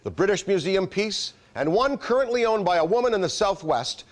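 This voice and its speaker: A man narrates a promotional piece in a solemn, mystical tone. His pitch sits a little high and rises and falls with lively movement. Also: a little fast. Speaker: commercial spokesman.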